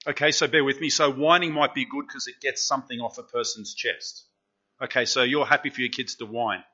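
A man preaches in a church and keeps asking the congregation questions. His voice is bright and lively. The recording sounds dull and lo-fi. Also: medium pitch, a little fast. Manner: chatty, asks the congregation questions. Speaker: pastor. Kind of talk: interactive sermon.

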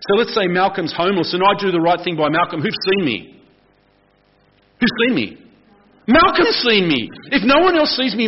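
An Australian man, a pastor, giving a lively, conversational sermon and asking the congregation questions. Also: high voice, husky, dull audio.

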